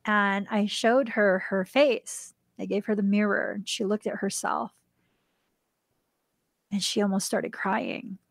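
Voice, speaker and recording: A woman hosts a spiritual podcast and tells a personal story in a chatty way, lively one moment and soft the next. Her voice sits in a middle range. The recording is close and dry. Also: takes it slowly, creaky, no room sound. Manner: animated, acts out quoted dialogue in a higher voice; drops to a soft, hushed voice for tender moments. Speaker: podcast host. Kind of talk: casual storytelling.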